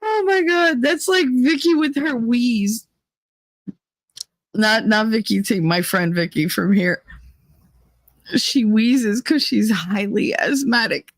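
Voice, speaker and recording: A woman with a high voice hosts a casual livestream and tells crude, giggly stories at an unhurried pace. She laughs through her own punchlines. The recording is close and dry, with no room sound. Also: no echo, poor audio. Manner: giggly, crude, storytelling, often breaks into laughter. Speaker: livestream host. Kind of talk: casual chat with live chat.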